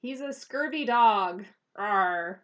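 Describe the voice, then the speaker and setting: Woman putting on a loud angry pirate captain. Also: mid-range voice, lively intonation, takes it slowly, distant mic, lo-fi sound. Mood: growling.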